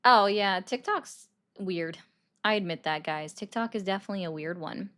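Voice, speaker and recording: A woman's voice: medium pitch, moderate pace, a bit bright. Chatty woman hosting a call-in stream. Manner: chatty, reads and answers viewer comments. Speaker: livestream host taking calls. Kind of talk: casual political commentary chat. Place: bedroom at home. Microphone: desk microphone.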